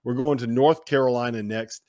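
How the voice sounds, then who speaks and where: A man's voice: mid-range voice, steady tone, moderate pace, dark tone, no echo, clean studio sound. A man hosting a college basketball podcast, steering the segment with energy and passing to his co-hosts. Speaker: podcast host. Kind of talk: casual sports chat.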